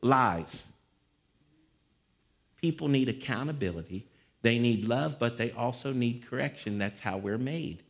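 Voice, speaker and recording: A male pastor preaching a sermon, swinging between conversational talk and sudden shouts. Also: mid-range voice, expressive, measured pace, pauses often. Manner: fiery, shouting bursts between conversational stretches. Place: church. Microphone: live-streamed service mic.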